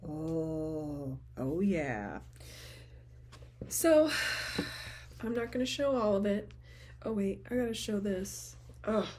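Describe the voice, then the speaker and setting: A woman with grandchildren, chatting excitedly as she shows off a craft haul, often gushing and acting out conversations with friends. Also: mid-range voice. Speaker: craft vlogger. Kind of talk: casual show-and-tell chat.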